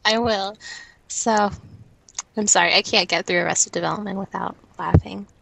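A woman's voice: on the low side, fairly even intonation, moderate pace, vocal fry, a bit bright, slightly rough, poor audio. A woman co-hosting a podcast in casual chat, rambling with many fillers and frequent giggles. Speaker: podcast co-host.

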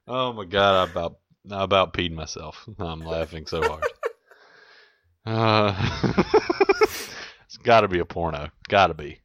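A man on a casual podcast, halting and laughing often as a quiz contestant. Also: low voice, a bit bright, slight background noise. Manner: laughs a lot, halting and reactive.

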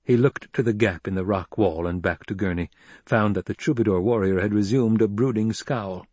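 A man narrating an audiobook in an even, measured reading. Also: lowish voice, slightly rough, no room sound. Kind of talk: scripted narration.

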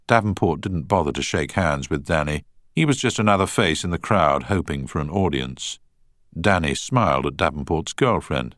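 A man narrating a novel in a measured, expressive reading. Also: extremely low pitch, no room sound, studio quality. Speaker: audiobook narrator. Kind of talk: scripted narration.

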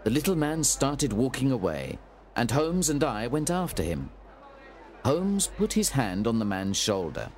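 A man narrating a storybook with a clear, even-paced reading. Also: mid-range voice, unhurried, slight background noise.

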